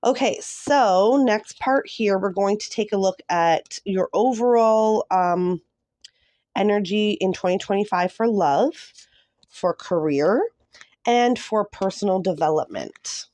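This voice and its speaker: Woman tarot reader, mellow and dry, chatty and effusive. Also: mid-range voice, slow, dry recording. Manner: gushing and emotional, many fillers. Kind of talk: casual tarot reading to camera.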